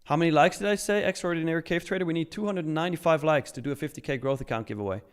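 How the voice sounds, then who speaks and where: A man's voice: a little high, very fast, smooth. A man from Switzerland hosting a live trading stream, upbeat and chatty as he reads chat aloud. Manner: upbeat, chatty, hyped by milestones.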